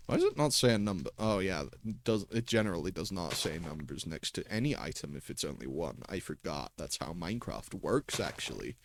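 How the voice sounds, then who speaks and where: A man's voice: sits low, sing-song, fairly quick, gravelly, few pauses. A man livestreaming a game in casual commentary, chatty and talking to himself and his pets, swearing and laughing often at a desk microphone.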